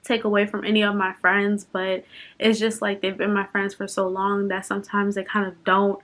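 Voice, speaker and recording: A woman's voice: medium pitch, level tone, normal speed, fairly bright tone. Emotional young woman vlogging. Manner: emotional, tearful at times, laughing. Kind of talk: unscripted personal vlog chat.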